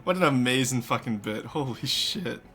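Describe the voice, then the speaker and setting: A live streamer chatting casually with chat, excitable, swearing freely and breaking into loud laughing fits. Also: mid-range voice, moderate pace, soft background music.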